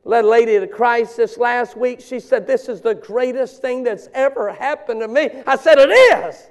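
Man, 50s, very high-pitched, animated preacher who shouts for emphasis. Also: moderate pace. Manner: animated, shouting bursts and joking asides. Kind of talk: sermon.

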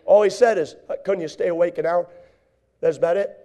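Animated high-voiced male preacher. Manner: animated preaching, acting out voices, swinging from loud to hushed; reads scripture in slow drawn-out tones. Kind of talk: sermon.

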